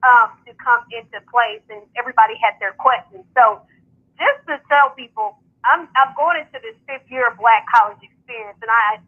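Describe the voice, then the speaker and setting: Woman, fairly high voice, husky, phone-line sound, upbeat casual chat. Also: normal speed. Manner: upbeat, talks in long runs with fillers. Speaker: founder and host of a sports media outlet, radio guest. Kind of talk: casual radio call-in chat.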